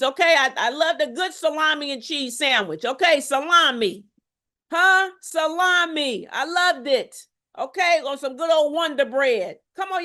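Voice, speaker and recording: A middle-aged woman with a high, ringing voice, coaching an online audience on health. She talks with preacher-like emphasis, repeats her lines, and keeps checking that her listeners are with her. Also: a bit bright. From Houston, Texas. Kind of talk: live health challenge talk to viewers.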